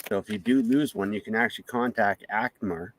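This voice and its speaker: A man's voice: on the low side, fairly quick, a little hiss or hum. A man in casual chat who explains tool details and repeats words when he cuts in. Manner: relaxed, informative, repeats words when cutting in.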